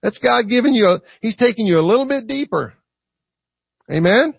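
A man's voice: very high-pitched, lively intonation, moderate pace, creaky, breathy edge, dry recording. A man preaching a conversational sermon to a congregation, often checking in with "right?". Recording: dull lo-fi recording.

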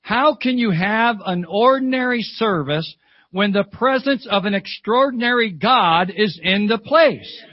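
A man's voice: sits high, expressive, measured pace, dry recording, muffled recording. Fervent older man preaching a sermon. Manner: fervent storytelling preacher, repeats phrases, calls "Amen". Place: church service.

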